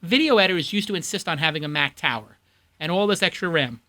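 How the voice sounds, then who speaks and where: A man with a Brooklyn accent hosting a studio panel, opinionated and animated. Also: on the high side, fast. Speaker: host. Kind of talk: panel discussion.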